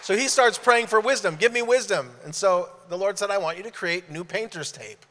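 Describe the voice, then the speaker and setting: Animated male preacher in a reverberant hall. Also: high-pitched, brisk. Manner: animated, acts out dialogue in stories. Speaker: guest preacher. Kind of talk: sermon storytelling. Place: church sanctuary.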